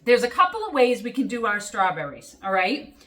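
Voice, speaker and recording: A woman's voice: on the high side, very animated, a little fast, sharp tone. A middle-aged woman hosting a casual kitchen demonstration, chatty and upbeat, checking in with viewers with a frequent "okay?". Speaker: cooking show host.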